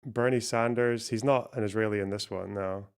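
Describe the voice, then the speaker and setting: A man's voice: fairly low pitch, fairly even intonation, normal speed, gravelly, clean tone. A man hosting a stream, giving casual, sarcastic reaction commentary with frequent swearing. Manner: sarcastic, swearing, laughing asides. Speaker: streamer host.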